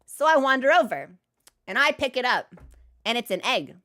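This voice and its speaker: A woman's voice: a little high, big pitch swings, moderate pace, pushed and bright. A woman streamer telling a comic story in a casual, profane, exasperated way, exaggerating for laughs.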